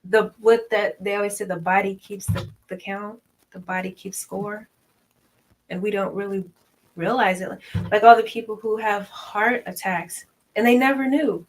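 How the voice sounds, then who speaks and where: Woman, thirties, casual chat co-host, animated, acts out quotes. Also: mid-range voice, moderate pace, poor audio. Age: 30s. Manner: animated, acts out quoted voices, laughs often. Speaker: podcast co-host.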